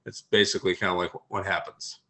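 Casting note: male author guest, lowish pitch, bright edge, hesitant and low-key. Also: flat delivery, quick pace. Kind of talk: casual interview chat.

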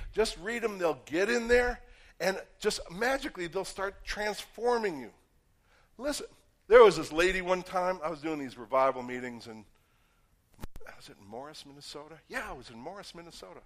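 A man preaching a sermon as a pastor, talking in an easy conversational way, telling stories and acting out quoted voices, swinging from loud emphatic points to quiet asides. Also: on the high side.

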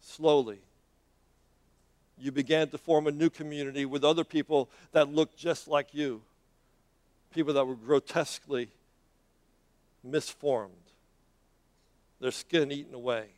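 A man's voice: fairly high pitch, fairly even intonation, measured pace, long pauses, darkish tone. A man preaching, retelling a scripture story in dramatic sermon style with frequent hesitations and repeated words.

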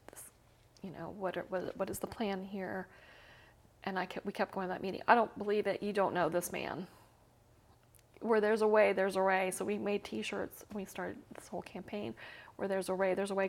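A middle-aged woman, an interview guest, candidly telling an emotional personal story, full of fillers and sometimes dropping to a whisper. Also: medium pitch. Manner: candid, many "you know" and "like" fillers, drops to whispers.

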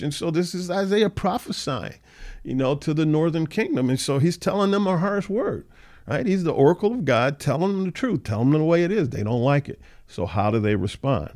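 A man leading an informal Bible study, reading scripture aloud and then explaining it conversationally, with frequent fillers and animated, mocking paraphrases of the people in the text. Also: fairly high pitch, normal speed. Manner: animated, acts out the scoffers' voices in a mocking tone. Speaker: Bible teacher.

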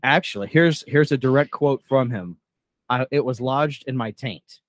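A man's voice: medium pitch, moderate pace, no room sound. A man co-hosting a podcast, chatting casually about a movie and often laughing as he retells scenes. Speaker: podcast co-host.

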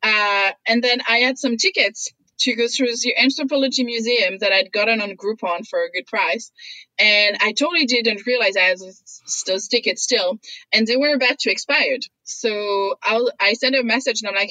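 A woman's voice: fairly high pitch, normal speed, sharp tone, no echo, rough recording. A woman whose first language is French, chatting as a guest and telling stories with frequent laughter. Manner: chatty storyteller, laughs often. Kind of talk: casual conversation.

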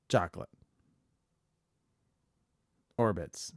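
A man's voice: on the low side, lively intonation, normal speed, a little mellow, no room sound, studio quality. A man co-hosting a podcast, rambling and joking casually while filling airtime, swearing freely. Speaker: podcast co-host.

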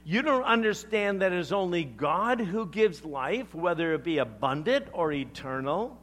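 A man preaching who quotes a teacher figure, insistent and pleading, a little higher than his own talk. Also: expressive, normal speed, fairly bright tone, slight background noise. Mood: incredulous. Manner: pleading, insistent, faintly incredulous. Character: earnest, urging male teacher addressing a pupil.

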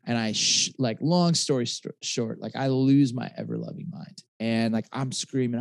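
A man's voice: on the low side, fairly even intonation, moderate pace, gravelly, few pauses, no echo. A man in his forties, a pastor and author, telling a personal story in a conversational interview, with many restarts and fillers. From Michigan.

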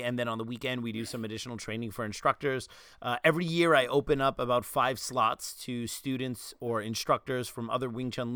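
A man hosting a casual chat, an animated storyteller who laughs easily and mimics accents. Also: mid-range voice, clean tone, no echo, studio quality. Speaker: martial arts instructor and podcast host.

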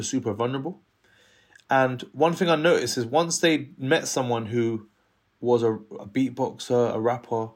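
A man in his thirties telling a story in casual conversation, acting out other people's voices and laughing often. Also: medium pitch.

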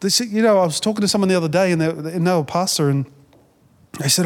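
A man's voice: high voice, fast talker, long reverb tail. A man preaching as a pastor in a conversational sermon style, earnest, often repeating phrases and restarting sentences.

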